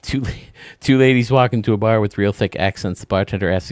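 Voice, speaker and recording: A man's voice: lowish voice, quick pace, no room sound, clean studio sound. A male host casually telling dirty jokes and chuckling at his own punchlines. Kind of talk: casual joke-telling chat.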